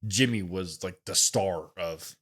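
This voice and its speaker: A man co-hosting a wrestling podcast, giving his opinions in a relaxed, casual chat and thinking out loud. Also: sits low, measured pace. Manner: relaxed, thinks aloud with fillers like "right?".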